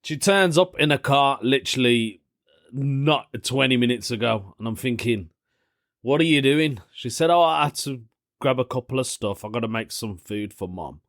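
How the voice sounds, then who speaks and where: A young man chatting on his solo podcast, rambling and stopping himself mid-word. He breaks into frequent chuckles. His voice sits at a middling pitch in a dry, close recording. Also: lively intonation, normal speed, a bit bright, no room sound. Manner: rambling, self-interrupting, chuckles often. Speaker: podcast host. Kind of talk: casual solo podcast chat.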